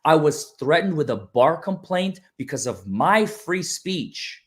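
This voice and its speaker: A man's voice: fairly high pitch, big pitch swings, unhurried, a bit bright. A man, a lawyer appearing as a guest on a livestream, talking earnestly and rambling with many restarts. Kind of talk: casual livestream chat.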